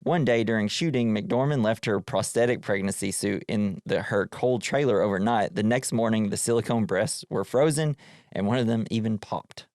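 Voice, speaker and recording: A man's voice: fairly low pitch, normal speed, a little mellow, dry recording, studio quality. A man from Tennessee hosting a casual movie podcast, chatty and jokey, laughing often. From Tennessee, USA. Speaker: podcast host.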